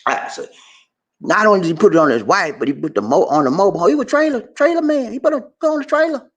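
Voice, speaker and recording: A man hosting animated, joking commentary on a news story, talking straight to his audience and repeating himself. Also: high-pitched, very fast. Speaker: host.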